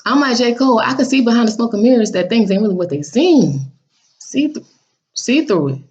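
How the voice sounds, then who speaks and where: Blunt, animated woman telling a dream. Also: a little high, a little fast, highs cut off. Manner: animated, quotes people in raised voices, blunt and sassy. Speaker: vlogger recounting a dream. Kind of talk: casual storytelling to viewers.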